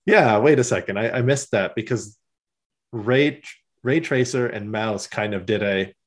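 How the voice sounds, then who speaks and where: A man co-hosting a podcast, talking in animated casual chat, often laughing and swearing casually. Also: lowish voice, unhurried. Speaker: podcast co-host.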